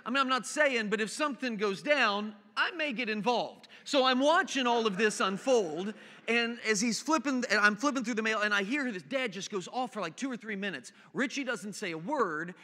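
A man's voice: sits high, sharp tone. A man preaching a sermon as pastor, conversational and storytelling, with asides to the congregation. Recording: hall reverb.

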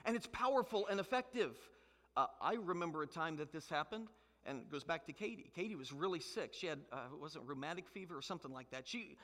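Pastor, high bright voice, pressing rhetorical questions, long hall echo. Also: male voice. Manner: emphatic preaching with rhetorical questions. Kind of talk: sermon.

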